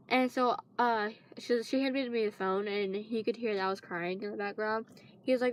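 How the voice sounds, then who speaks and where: A woman's voice: a little high, fairly even intonation, normal speed, clean tone. Woman, teens, casual storytelling vlogger, rambling, frequent fillers. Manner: rambling, many fillers and restarts.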